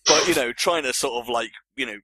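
A man's voice: mid-range voice, fairly quick, pushed and bright, dry recording. A young man hosting a podcast, talking casually, often hesitating and repeating words, and swearing now and then. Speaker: podcast host. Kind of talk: casual chat.

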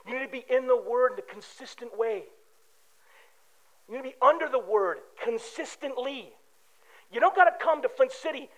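A man's voice: very high voice, fairly bright tone, rough recording. A man preaching a sermon with emphatic rhetorical questions and joking asides. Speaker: pastor.

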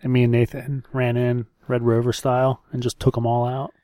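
A man's voice: medium pitch, completely flat delivery, brisk, dark tone, no echo. A young man co-hosting a podcast in casual chat, laid-back and answering often with short agreements. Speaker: podcast co-host.

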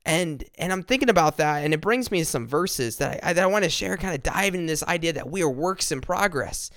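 A man shares an informal devotional message in an earnest way, often repeating words and slowing down over scripture lines. His voice sits a bit high and sounds smooth and clear. The recording is dry and close. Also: animated, fairly bright tone, no room sound. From upstate South Carolina, US. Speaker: devotional speaker.

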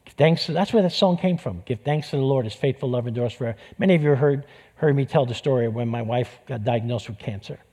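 A man's voice: mid-range voice, fast talker, mellow, husky. A man with a New York accent preaching a sermon with passion, repeating phrases for emphasis. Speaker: pastor.

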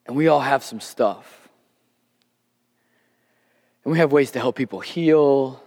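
A man's voice: medium pitch, slow, creaky. A man preaching a sermon as a story, acting out the lines of the people in it with animation. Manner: animated, acts out quoted dialogue. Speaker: pastor. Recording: long reverb of a large hall.

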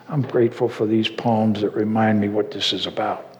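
A man's voice: fairly low pitch, little pitch movement, normal speed. A man from New Orleans preaching a sermon, telling a personal story and voicing the people in it, turning emphatic when he urges the congregation. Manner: storytelling, voicing quoted people, dropping to hushed asides; earnest, rising and emphatic when exhorting. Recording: long reverb of a large hall.

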